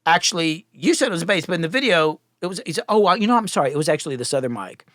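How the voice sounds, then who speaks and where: A middle-aged man, a music producer, telling stories as a podcast guest, animated and profane, acting out the people he quotes. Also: on the high side, rapid-fire, dry recording, studio quality. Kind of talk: casual storytelling.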